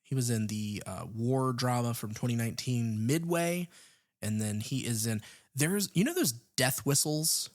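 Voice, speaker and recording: A male podcast co-host walks through a horror movie scene by scene in loose, conversational talk. He fills his sentences with ums, uhs and likes. His voice sits at a middle pitch for a man. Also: unhurried. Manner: recaps plot with many fillers. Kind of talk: casual film discussion.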